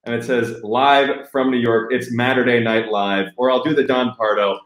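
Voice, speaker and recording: A man hosting a casual chat who speaks in an energetic, playful way. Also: medium pitch, moderate pace. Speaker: host. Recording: roomy echo.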